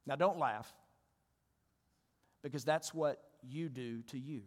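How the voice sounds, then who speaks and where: A male pastor preaches in a casual, conversational way, often turning to ask his congregation questions. His voice sits at a middle pitch. A long reverb trails each phrase through the church sanctuary. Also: slow, long pauses. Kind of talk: sermon.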